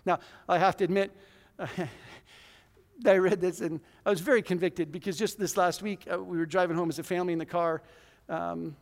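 A man in his forties preaching a conversational, self-deprecating sermon in a church hall, with sudden loud bursts. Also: high-pitched, flat delivery, normal speed, vocal fry. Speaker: pastor.

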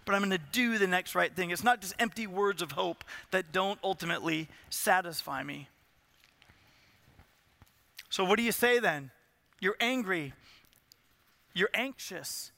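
High, bright-voiced preaching pastor. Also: male voice, unhurried, creaky, pauses often. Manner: preaching with rising intensity and rhetorical questions. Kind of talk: sermon.

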